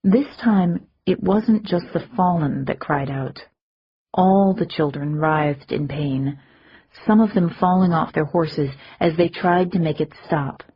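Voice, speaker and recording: A woman narrating a fantasy audiobook in a measured, dramatic first-person reading. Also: on the low side, dull audio.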